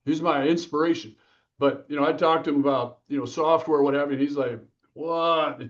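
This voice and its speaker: A man with a slightly high voice talks at a normal speed, guesting as an author in a casual interview. He tells stories with energy and liveliness, acting out the quotes, though the recording sounds muffled.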